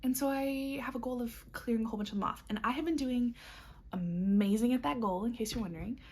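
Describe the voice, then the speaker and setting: A woman's voice: a little high, quick pace, darkish tone, breathy edge. A young woman talking casually to camera as a knitting vlogger, upbeat and chatty with frequent ums and little laughs. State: has the hiccups. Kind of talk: casual chat.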